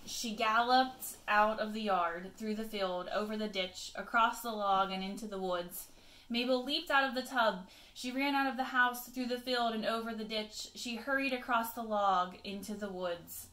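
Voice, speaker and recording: A woman teacher reading a picture book aloud to children, expressive, with chatty asides to her pupils. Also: on the high side, normal speed, echoey room.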